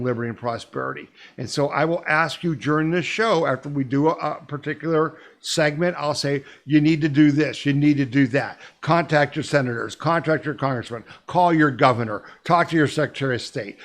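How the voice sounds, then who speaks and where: A man's voice: a little high, fairly bright tone. A man hosting a weekly news podcast, talking emphatically and urgently and pressing listeners to act. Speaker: podcast host.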